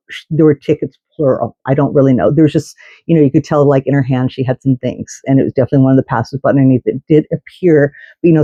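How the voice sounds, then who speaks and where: Woman vlogging a story, fired up and sweary, lots of restarts, warm voice, dry dull sound. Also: deep voice, no room sound. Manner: indignant, swears, many restarts and asides. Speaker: vlogger telling a fan story. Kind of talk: casual storytelling.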